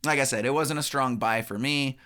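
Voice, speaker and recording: A man co-hosting a film podcast in casual chat, animated, laughing often and swearing freely. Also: medium pitch, a little fast. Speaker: podcast co-host.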